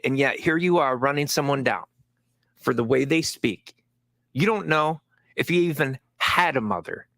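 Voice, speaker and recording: A man's voice: mid-range voice, fairly bright tone, no echo. Angry ranting commentary man. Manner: angry, scolding rant. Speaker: commentary channel host. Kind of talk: recorded video commentary.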